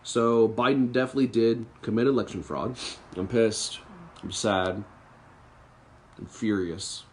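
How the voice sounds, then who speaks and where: A man's voice: fairly low pitch, fairly even intonation, unhurried, a little mellow, slight background noise. A young man hosting a podcast, delivering an angry political rant full of profanity and bitter sarcasm. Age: young adult. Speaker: podcast host.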